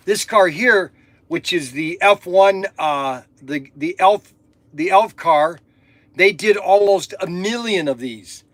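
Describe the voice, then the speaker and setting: A middle-aged man talks casually on a livestream from his shop. His voice sits high and bright, and he speaks loudly and slowly. He repeats himself often and drops an "okay" after nearly every point. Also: dry recording. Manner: loud, repetitive, peppers talk with "okay". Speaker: toy shop owner hosting a livestream.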